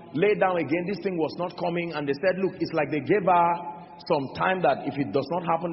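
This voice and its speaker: A Nigerian pastor preaching a sermon to his congregation, building emphasis through repeated phrases and questions to the crowd. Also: fairly high pitch. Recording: dull lo-fi recording in a large reverberant hall with faint noise.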